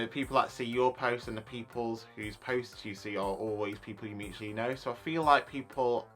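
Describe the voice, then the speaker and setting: Chatty young guy, bright tone. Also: medium pitch. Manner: chatty, lots of likes and you knows. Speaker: YouTuber. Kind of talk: casual vlog rant.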